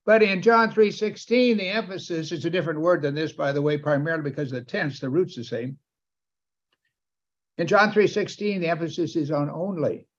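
A man's voice: on the high side, a little fast. A man preaching a sermon with emphasis, often asking his listeners questions. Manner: emphatic, asks the audience questions. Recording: dull, lo-fi sound.

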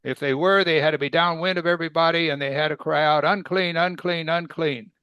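This Bible teacher talks fast in a smooth, fairly high voice, preaching conversationally with rhetorical questions. He acts out the people he quotes in sudden loud, excited bursts, and the recording is dry.

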